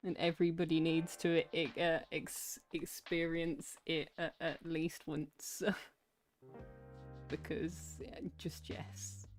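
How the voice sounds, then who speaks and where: A woman's voice: sits low, flat delivery, takes it slowly, faint music behind. A young woman chatting casually during an art livestream, chatty and self-mocking. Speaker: art streamer. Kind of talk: casual chat while drawing on a livestream.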